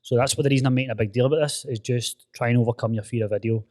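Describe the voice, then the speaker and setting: A man's voice: mid-range voice, steady tone, racing, darkish tone. A Scottish man hosting a casual podcast chat, blunt and sweary, who says "mate" and "aye" a lot. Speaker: podcast host and personal trainer. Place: gym.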